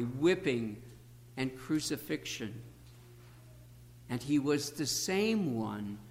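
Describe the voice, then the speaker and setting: Slow, deliberate male preacher in a reverberant church. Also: mid-range voice. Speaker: pastor. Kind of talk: sermon.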